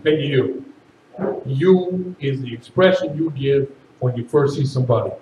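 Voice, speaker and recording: A man performing stand-up comedy at a party, with loud, animated shouted bits. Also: medium pitch, unhurried, roomy sound, recorded from a distance, muffled recording, slight background noise.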